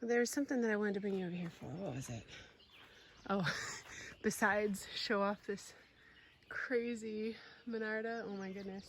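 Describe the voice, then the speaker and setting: A woman giving a casual tour of her home garden, gushing with excitement and often dropping to a soft whisper. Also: mid-range voice, normal speed, pauses often, a little hiss or hum. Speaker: homestead vlogger.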